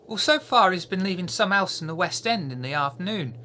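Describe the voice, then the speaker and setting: A man voicing a young street boy who talks eagerly in rough, chatty street grammar. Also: high voice, expressive, a little fast, sharp tone, voice pushed up.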